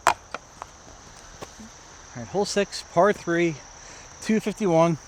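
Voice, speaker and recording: A man's voice: high-pitched, takes it slowly, very noisy. Chatty American guy vlogging outdoors. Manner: chatty, self-narrating, talks to viewers. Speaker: disc golf vlogger. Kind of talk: casual play-by-play vlog. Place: outdoor park course.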